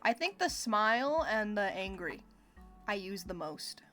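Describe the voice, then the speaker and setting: A woman livestreaming a video game, chatting casually with her viewers in a giggly, expressive, playfully complaining way. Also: mid-range voice, a little slow. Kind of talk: casual gameplay chat with viewers. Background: faint game music.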